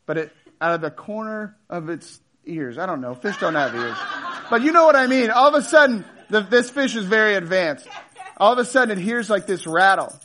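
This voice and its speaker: A man in his thirties preaching a sermon in a casual, joking storytelling way with animated asides. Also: sits high, fairly quick, a little hiss or hum. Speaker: pastor.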